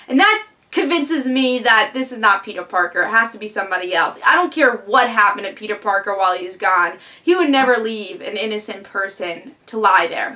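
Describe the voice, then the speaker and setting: A woman giving a casual comic book review on her vlog, excitable and fond of rhetorical questions. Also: fairly high pitch.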